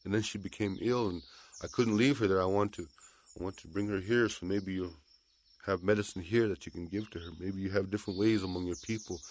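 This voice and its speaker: A man voicing an earnest, gentle young man in a traditional story, explaining himself in a pleading tone. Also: low-pitched, fairly even intonation, a little fast, no echo.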